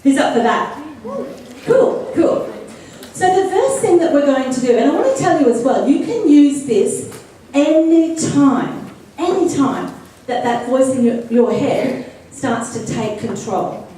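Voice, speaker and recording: Australian woman, high and mellow voice, slow playful speech, heard from far off in a big hall. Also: expressive. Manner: chatty, playful, asks the audience questions. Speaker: motivational speaker. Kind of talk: speech to a youth audience.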